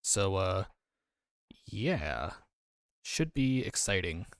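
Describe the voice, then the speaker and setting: A man's voice: low voice, big pitch swings, drawn-out words, gravelly, dry recording, studio quality. A man chatting casually on a livestream, rambling and answering his chat aloud. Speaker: streamer. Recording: music playing under voice. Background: background music.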